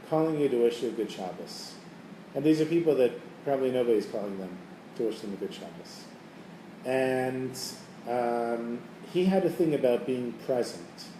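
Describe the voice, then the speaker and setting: A middle-aged man telling stories to a group in a casual, animated way, acting out the voices of the people in them. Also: mid-range voice. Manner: casual, animated storyteller who acts out quoted voices. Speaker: teacher leading a holiday preparation class. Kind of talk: storytelling talk to a group. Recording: echoey room, mic at a distance, faint background noise.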